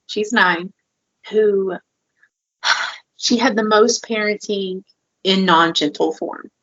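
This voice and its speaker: A woman co-host speaks candidly and with emotion about her own experiences, often dropping in a filler "like" as she goes. Her voice sits at an ordinary pitch for a woman. The recording is somewhat dull and lo-fi. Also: slow pace, fairly bright tone. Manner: open, emotional, heavy filler "like". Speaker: podcast co-host. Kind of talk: candid personal conversation.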